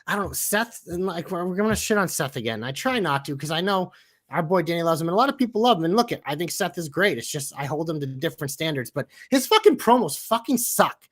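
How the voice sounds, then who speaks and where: A man's voice: fairly high pitch, lively intonation, fast, fairly bright tone. Guy on a wrestling podcast going off, swears a ton, fired up. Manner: profane, heated ranting. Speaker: podcast co-host. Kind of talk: casual wrestling chat.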